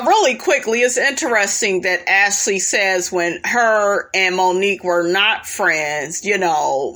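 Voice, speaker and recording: A woman's voice: mid-range voice, fairly bright tone. Sassy, blunt woman recapping reality TV. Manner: blunt, sassy, profane, talks back to the people she recaps. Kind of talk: casual recap commentary.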